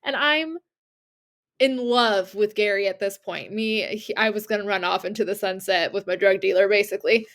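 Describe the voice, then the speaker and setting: With a mid-range voice at normal speed, a young woman on a podcast she co-hosts shares a story in relaxed chat. She acts out the people in it, quoting them and laughing along.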